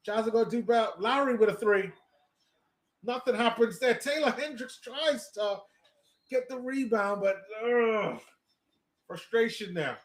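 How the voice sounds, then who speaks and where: A man hosting a live watch party, excitedly reacting play by play and often stammering and restarting his sentences. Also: very high voice, a little slow, echoey room.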